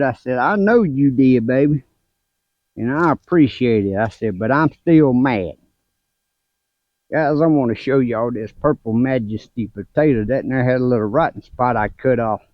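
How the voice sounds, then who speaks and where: A man's voice: dry recording, muffled recording. An older man tells folksy stories about his grandkids on a casual gardening vlog, laughing between stories. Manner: folksy, laughs between stories, raises pitch when telling the story. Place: outdoors in a garden.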